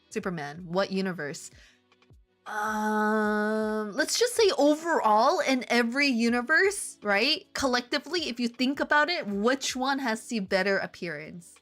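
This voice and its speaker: A woman's voice: fairly high pitch, lively intonation, a little slow, a bit bright, soft background music. A woman streaming casually while she draws, playful and rambling, with theatrical outbursts. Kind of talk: casual live-stream chat while drawing.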